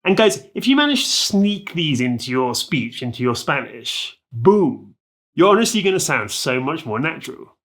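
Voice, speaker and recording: A man's voice: on the high side, sing-song, normal speed, a bit bright. A man giving a casual, upbeat video lesson on Spanish, chatting to viewers with lots of fillers. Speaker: Spanish teacher.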